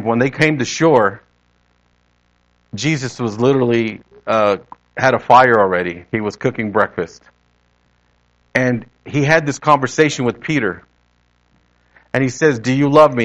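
A man's voice: mid-range voice, fairly bright tone, poor audio. A man preaching a sermon in a conversational way, often rephrasing as he goes.

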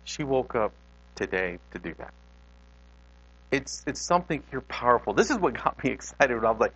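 A man's voice: medium pitch, very animated, normal speed, pauses often, a bit bright, lo-fi sound. Conversational male pastor preaching. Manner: conversational, talks to the congregation. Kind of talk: sermon. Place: church.

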